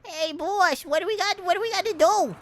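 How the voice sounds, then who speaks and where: A woman's voice: very high-pitched, brisk. A woman voicing a scrappy, hungry male rat henchman who pesters his boss with a whiny, begging manner. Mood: pestering.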